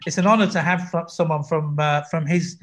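A man's voice: fairly high pitch, steady tone, brisk, a loud crowd. A man co-hosting a football podcast, talking earnestly and stumbling over his words. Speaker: podcast co-host. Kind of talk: casual football podcast chat.

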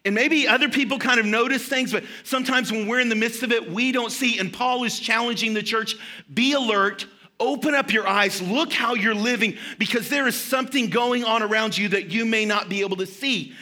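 A man preaches to his church, his voice sitting high and ringing very bright. He tells a long story in an animated way, acting out what each person said. It is relaxed, conversational preaching from the pulpit. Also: fairly quick, few pauses. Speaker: pastor. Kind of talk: sermon. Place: church sanctuary.

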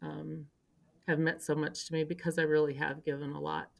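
Older woman, lively emotional storyteller. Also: low-pitched, normal speed, gravelly. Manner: animated storyteller, acts out quotes, turns emotional. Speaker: interview guest, longtime local government official. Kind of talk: storytelling in a podcast interview. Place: indoor podcast recording.

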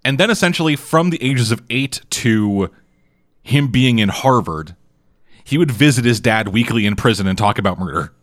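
A man chats loosely about a TV show, cursing freely as he wanders through tangents. His voice sits at a middle pitch and is recorded dry, with no room sound. He comes across as a podcast co-host mid-recap. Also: expressive, moderate pace, dry recording. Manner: profane, rambling storyteller. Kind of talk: casual chat recapping a TV show.

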